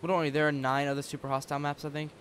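A man's voice: a little high, little pitch movement, racing, a bit bright, a little hiss or hum. A young man hosting a game playthrough, teasing his partner, swinging from mumbles to yelps, on a desk mic with no pop filter. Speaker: let's play host. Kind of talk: casual gameplay commentary. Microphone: desk mic without pop filter.

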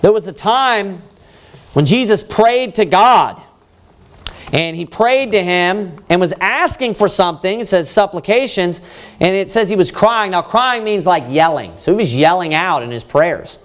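Man preaching, pastor, lively pitch swings, reads scripture slowly, explains it plainly, builds up to stress points. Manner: reads verses slowly then explains them in plain words; rises in pitch and force when stressing points. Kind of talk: sermon Bible study.

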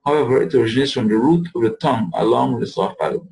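A man teaching an Arabic lesson, patiently repeating words slowly to show how the sounds are made. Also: mid-range voice, vocal fry, a little mellow, rough recording. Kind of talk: recorded lesson.

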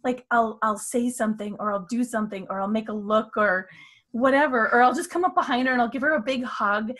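A woman's voice: fairly high pitch, fairly quick, a bit bright. A middle-aged woman, a guest on a talk show, telling stories about her daughter in a chatty, laughing way. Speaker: guest, mother of co-guest. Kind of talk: casual chat.

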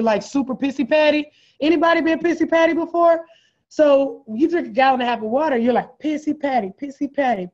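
A sassy woman trainer chats her tips straight to viewers in a fairly high voice. Her delivery is animated and playful, and the sound is dull and lo-fi, like a video call. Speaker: fitness trainer. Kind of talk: casual live tips talk.

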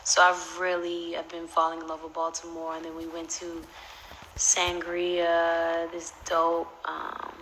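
Animated profane young woman on a livestream. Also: lowish voice, unhurried, slight background noise, poor audio. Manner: animated and profane, swinging between loud outbursts and whispered asides. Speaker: social media personality on a livestream. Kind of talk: casual livestream storytelling. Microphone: phone.

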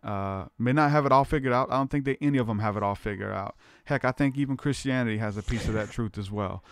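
A man hosting a podcast who speaks earnestly and thinks aloud, often pausing on fillers as he works out his ideas. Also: mid-range voice, smooth, no room sound. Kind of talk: reflective conversation.

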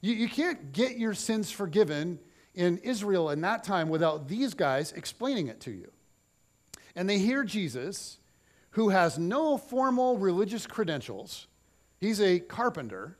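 A man preaching a sermon as pastor, telling the story in an animated way and acting out its scenes. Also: high-pitched, measured pace.

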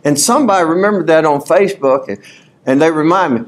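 Animated man preaching a folksy sermon. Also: fairly high pitch, fast. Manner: folksy, animated preaching, rising to shouts when reading scripture. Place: conference hall.

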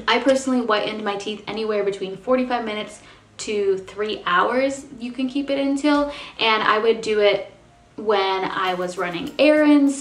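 A woman's voice: on the high side, echoey room. A young woman with a slight lisp, chatting upbeat to her viewers in a sponsored product review. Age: young adult. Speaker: beauty vlogger.

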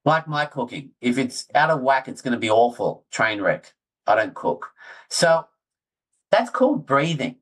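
A middle-aged man, talking excitedly as a guest in a casual interview. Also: medium pitch, unhurried, rough recording. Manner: excitable, animated storyteller, self-deprecating. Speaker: guest orthodontist.

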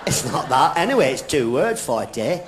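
Cheeky older comedian over audience noise. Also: male voice, fairly high pitch, big pitch swings, normal speed. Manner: cheeky, daft, giggling at his own jokes. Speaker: comedian, comic of a double act. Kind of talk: live stand-up double act, bickering. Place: large theatre stage before a laughing audience. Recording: echoey live theatre recording with audience noise.

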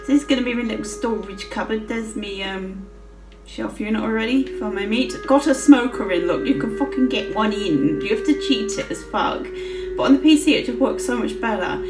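Woman, casual gameplay commentary, frequent swearing, giggly, echoey room, soft background music. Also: a little high, brisk, distant mic. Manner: swears freely, giggles often. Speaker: gaming channel host. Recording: roomy with faint music.

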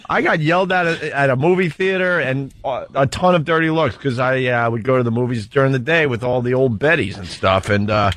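A man's voice: medium pitch, a little fast, fairly bright tone, no room sound. A man hosting a radio talk show, telling rambling anecdotes with frequent restarts in casual banter.

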